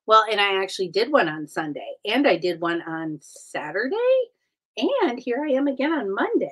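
A woman's voice: medium pitch, very animated, moderate pace, a bit bright, husky. A woman hosting a casual live stream, chatting with viewers and greeting them by name while she builds. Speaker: live-stream host building brick sets.

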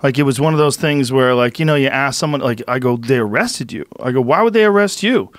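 A man hosting a podcast, chatting in a relaxed, conversational way and asking quick questions. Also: medium pitch, dry recording, studio quality. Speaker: podcast host. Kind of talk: casual conversation.

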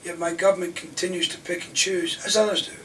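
Older man, fiery lecture, high-pitched voice, distant mic, faint hall hum. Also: fairly even intonation, fast talker. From Scotland. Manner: rhetorical, indignant, swings between loud emphasis and near-whispers. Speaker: defence lawyer giving a lecture. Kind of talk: impassioned public lecture.

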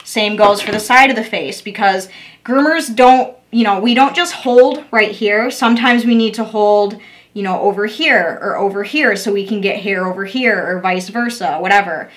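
A woman's voice: medium pitch, moderate pace. A young woman, a dog groomer, giving a patient step-by-step demo on handling a puppy. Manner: patient, repetitive coaching tone. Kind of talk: instructional demo.

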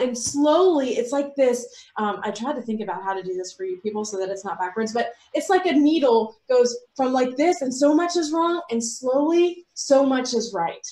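An American woman with young children, giving an earnest, emotional faith testimony that moves between soft reflection and excited outbursts. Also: high-pitched, moderate pace, few pauses, echoey room. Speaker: author and speaker.

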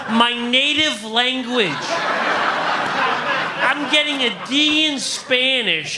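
A man's voice: very high-pitched, a little slow, noisy background. A man in his thirties doing a stand-up comedy set on a club stage, delivering punchy jokes and calling the crowd "folks.".

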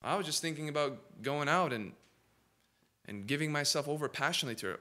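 A male pastor preaching a sermon in a church, moving from hushed asides to loud, emphatic build-ups. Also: a little high, animated, brisk. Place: church sanctuary.

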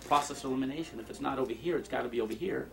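A man's voice: medium pitch, very fast, creaky, soft background music. A man doing comic magic patter on stage, joking and chatting with the audience in self-mocking asides. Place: stage before a live audience. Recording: distant mic, loud crowd and noise. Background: loud audience noise.

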